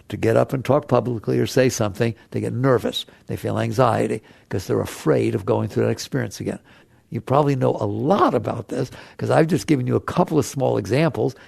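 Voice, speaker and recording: Gravelly man giving a spiritual talk. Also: on the high side, darkish tone, no echo. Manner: conversational, rhetorical questions, acts out inner voices. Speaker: spiritual teacher.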